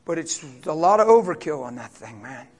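A man's voice: a little high, big pitch swings, fairly quick, breathy edge. A male pastor giving a passionate, conversational sermon with casual asides.

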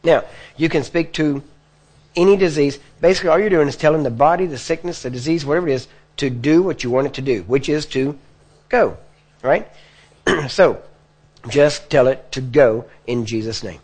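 A man's voice: on the high side, normal speed, darkish tone, husky. A man preaching to a live audience, teaching step by step in a plain conversational way and often checking in with his listeners. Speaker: preacher teaching healing prayer. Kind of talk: sermon. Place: church or meeting hall before a live audience.

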